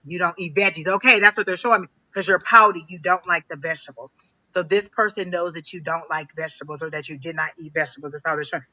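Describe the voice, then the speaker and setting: A man giving a live psychic reading on a stream, talking in a halting way, repeating phrases with many ums. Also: fairly high pitch, sharp tone, rough recording. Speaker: psychic reader.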